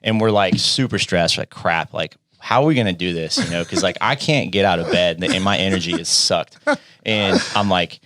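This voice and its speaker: A man's voice: deep voice, moderate pace, fairly bright tone, no room sound, clean studio sound. A man hosting a podcast, telling a story in casual chat with lots of fillers and laughs. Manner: laughing, filler-heavy retelling. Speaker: podcast host and coach.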